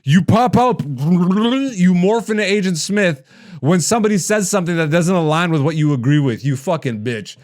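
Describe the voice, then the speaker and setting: A thirty-something man of Ethiopian heritage hosts a comedy podcast at a moderate pace. He rants and mocks with plenty of swearing, sinking to low mutters before bursting out loud and animated.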